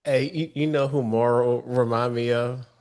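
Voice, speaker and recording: A man co-hosting a podcast chimes in during casual chat. His medium-pitched voice is a little mellow, with fairly even intonation and a moderate pace.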